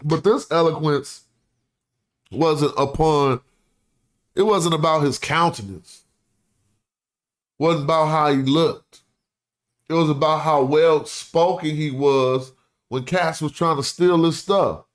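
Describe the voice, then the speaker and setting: A man's voice: fairly high pitch, takes it slowly, long pauses. A man streaming, telling an old story in slangy casual talk and reading passages aloud, acting out the quotes. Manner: slangy, animated, acts out quotes in put-on voices.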